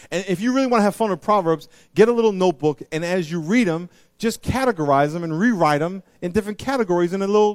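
A middle-aged man preaching a sermon, lively and animated, acting out voices in his stories and slowing down to read scripture. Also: fairly high pitch, no echo, clean studio sound. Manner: animated, acts out voices in anecdotes. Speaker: pastor.

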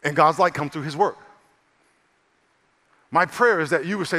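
A male pastor preaching a sermon, emphatic and repetitive, swinging between loud stress and hushed passages. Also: a little high, moderate pace, long pauses, in a large hall. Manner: repeats phrases for stress.

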